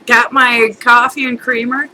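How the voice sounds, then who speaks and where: A woman's voice: on the high side, little pitch movement, measured pace, bright, forceful tone, slight background noise, rough recording. A middle-aged woman telling a rambling, chatty story in a casual rant, breaking into laughter now and then. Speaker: vlogger.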